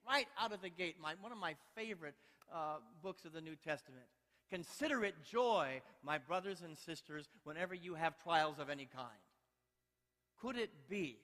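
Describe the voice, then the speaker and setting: A male pastor preaching a sermon, playful and exhorting, telling lively stories in a church sanctuary. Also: sits high. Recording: long church hall reverb.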